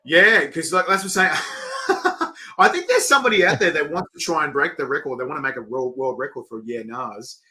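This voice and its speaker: A middle-aged Australian man hosting a casual live-stream interview, rambling excitably and reading viewer comments aloud. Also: fairly high pitch, brisk. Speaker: host.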